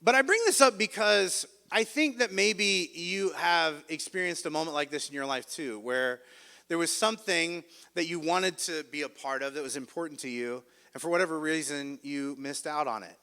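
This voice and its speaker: A man giving a sermon, telling a funny story in a self-mocking, animated way. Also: on the high side, moderate pace, creaky. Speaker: pastor. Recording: long hall reverb.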